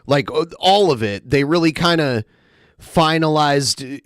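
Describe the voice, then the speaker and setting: A man's voice: on the high side, a little slow, no room sound, studio quality. A male co-host chatting casually, skeptical and matter-of-fact. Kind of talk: casual chat.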